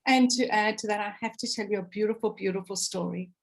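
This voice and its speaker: A South African woman on a video call tells a heartfelt story with passion, acting out what people said as her voice swings up and down. She talks fast in a gravelly, mid-range voice, sharing emotional storytelling with her call audience.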